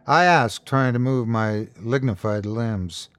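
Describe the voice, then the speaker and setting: A man hosting and narrating a scripted horror story in the first person, tense and deliberate. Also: mid-range voice, fairly bright tone, dry recording. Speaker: host and narrator.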